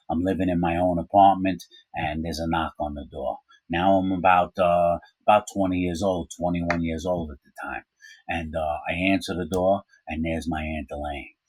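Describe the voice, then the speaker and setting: A man's voice: deep voice, husky, no room sound, rough recording. A man telling a personal story in a casual, rambling way, full of asides and fillers.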